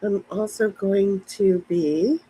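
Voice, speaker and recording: Taking it slowly, a woman with a mellow, slightly rough mid-range voice chats casually to livestream viewers from a backyard. She rambles while replying to comments from her chat on a phone, and the audio is poor.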